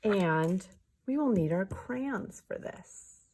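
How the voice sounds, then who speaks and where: A woman teacher giving a remote lesson to young children, speaking slowly and clearly, modeling words and answers for the class. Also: medium pitch, expressive, mellow, slight background noise. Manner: slow, clearly spoken teacher voice.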